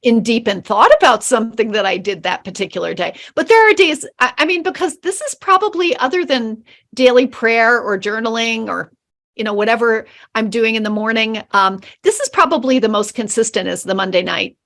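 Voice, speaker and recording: A middle-aged woman talking on a video call, her voice sitting a little high. She tells her stories with animation and acts out the voices of people she quotes. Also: lively intonation, a little fast, fairly bright tone. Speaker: program participant. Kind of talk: casual chat on a video call.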